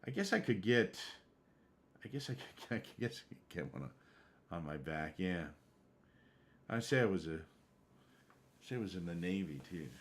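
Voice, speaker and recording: A man streaming a game, chatting casually and rambling from one topic to the next. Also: low voice. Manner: rambling, conversational. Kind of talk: casual live-stream chat.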